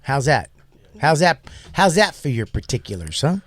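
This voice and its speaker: A man's voice: medium pitch, sing-song, moderate pace. A man putting on a brash rural American country character with a Southern country accent, drawling and mock-tough. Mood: mocking bravado.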